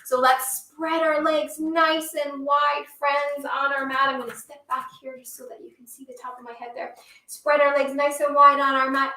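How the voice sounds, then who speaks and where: A woman's voice: high-pitched, bright, forceful tone, echoey room, far from the mic. A woman teaching yoga to children. She reads a rhyming story aloud and leads the poses in an upbeat, encouraging, sing-song way.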